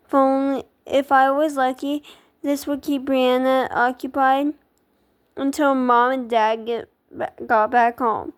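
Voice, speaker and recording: A woman reading a children's book aloud in an expressive, dramatic way, with small stumbles. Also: high voice, measured pace, smooth.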